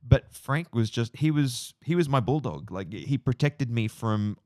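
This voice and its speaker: A podcast co-host in his forties, Australian-accented, spins a long reflective story in casual chat, rambling and using lots of fillers. His mid-range voice has lively intonation, a measured pace and a darkish tone, in clean studio sound with no echo.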